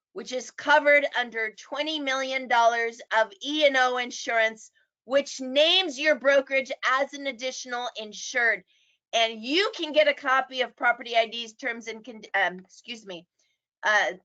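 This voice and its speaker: A middle-aged woman teaching real estate agents, animated and acting out quoted people. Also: on the high side. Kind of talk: presentation. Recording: dull lo-fi audio.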